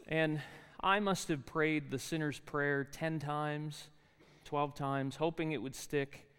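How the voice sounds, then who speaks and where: A man in his forties with a New Jersey accent tells his life story as personal testimony in a sermon, filling it with fillers and restarts. His slightly high voice is clear, resonant, and fairly bright, slow with fairly even intonation. He speaks in a large university chapel hall, and the recording is reverberant.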